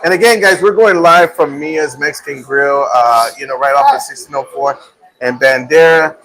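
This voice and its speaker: A man's voice: a little high, moderate pace, poor audio. A man hosting a live stream from a restaurant, telling a story and acting out the voices of the people in it. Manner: animated storyteller, acts out quotes, laughs often. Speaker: show host.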